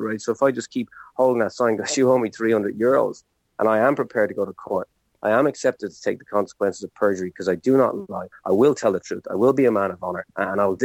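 A man's voice: lowish voice, a little mellow, slightly rough, no echo. A man chatting casually, telling stories with animation, laughing often and acting out the voices of people he quotes. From Ireland. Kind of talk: casual conversation.

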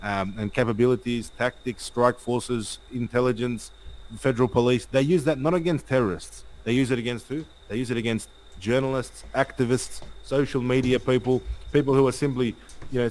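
A man's voice: mid-range voice, a little mellow, low-quality recording. Stream host, male, mid-range voice, talks in stacked lists with lots of fillers. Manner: rapid, repetitive listing, hesitant fillers. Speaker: livestream host. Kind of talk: live stream talk.

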